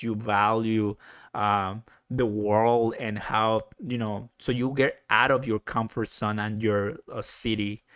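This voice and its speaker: Excitable guy live streaming, chatty, laughs a lot, dry close sound. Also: lowish voice, smooth, dry recording. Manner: chatty, excitable, laughs often, reads viewer comments aloud. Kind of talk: casual live stream chat.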